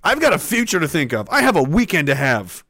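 A man's voice: a little high, wildly swooping pitch, brisk, a bit bright, dry recording, clean studio sound, full character voice. A man doing a panicky cursing young soldier. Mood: frantic. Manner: frantic, profane ranting. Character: panicky, foul-mouthed young male soldier.

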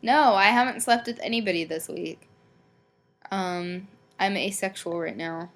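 A woman's voice: medium pitch, measured pace, a bit bright. A young woman hosting a podcast, chatting casually and bluntly with lots of swearing, ums and likes. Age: young adult. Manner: blunt, swears a lot, rambling; filler-heavy, many ums and likes. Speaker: podcast host. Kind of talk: casual solo podcast chat.

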